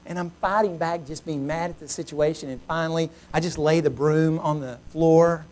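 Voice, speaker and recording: A male pastor preaching a sermon, telling a personal story in an animated, humorous, self-mocking way. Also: a little high, normal speed, hardly any pauses.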